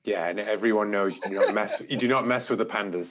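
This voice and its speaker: A man playing in a tabletop roleplaying session, describing his moves loosely with lots of "you know". His voice sits a bit low and comes through dull, lo-fi call audio. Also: fast talker, very noisy. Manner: rambling, hedging with "like" and "you know". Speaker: player. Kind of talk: casual tabletop play.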